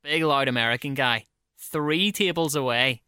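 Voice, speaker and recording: A man's voice: mid-range voice, pushed and bright, clean tone, no echo, clean studio sound. A man hosting a podcast, chatting casually and steering the conversation. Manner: quick, conversational, steers the talk. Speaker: podcast host. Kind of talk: casual chat.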